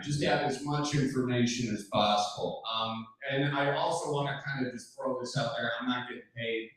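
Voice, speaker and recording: A man's voice: medium pitch, fairly even intonation, a little fast, few pauses. A man from Wisconsin, speaking casually at a community meeting, joking and rambling through anecdotes. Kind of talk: casual public talk with jokes. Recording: very echoey hall, voice far from mic.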